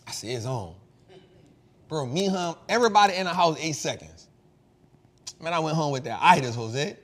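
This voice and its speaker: Animated man telling a story. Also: fairly high pitch, normal speed. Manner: animated, slangy, shifts from loud to hushed. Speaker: host. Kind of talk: casual storytelling.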